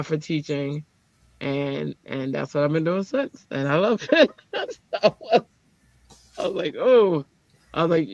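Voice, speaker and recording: A woman tells a story in casual chat, animated and lively. She slips into the voices of the people she quotes with sudden jumps in pitch. The sound is dry and a bit dull, like a lo-fi stream mic. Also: no echo. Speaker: teacher.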